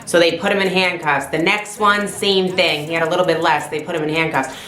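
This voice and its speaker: A woman vlogger casually telling a story in an animated way, swearing freely. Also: lowish voice, a little fast. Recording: roomy with faint music.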